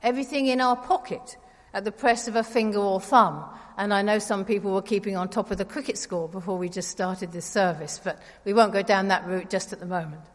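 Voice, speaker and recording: Woman preacher, chatty and wry, mid-pitched, heard in a reverberant church. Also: steady tone, a little fast, few pauses. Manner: conversational, gently wry. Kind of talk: sermon.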